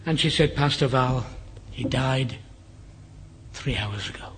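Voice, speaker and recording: An older Englishman preaching a sermon, telling a personal story in an earnest way and dropping to a hush at times. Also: mid-range voice, slow, slight background noise. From England. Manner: earnest, drops to a hushed whisper for the dying man's words. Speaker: guest preacher.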